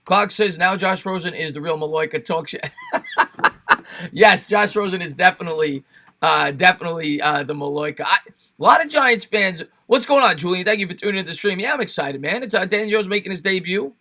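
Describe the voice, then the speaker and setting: A man's voice: high voice, brisk, bright, forceful tone. A young man with a New York accent hosting a casual sports live stream, chatting with viewers and thanking them by name.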